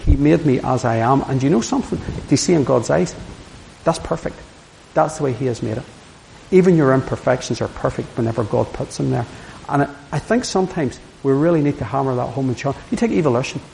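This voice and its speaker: A man's voice: mid-range voice, expressive, fairly quick, vocal fry, dark tone. A middle-aged man giving an earnest, anecdotal sermon. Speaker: preacher. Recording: hissy hall with long reverb.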